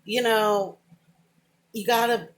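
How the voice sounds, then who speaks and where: Her voice sits on the high side with a steady tone, and she takes it slowly. This middle-aged vlogger rambles to a camera within arm's reach in a casual, emotional monologue, admitting she wanders off, saying "but anyway," and talking openly about crying.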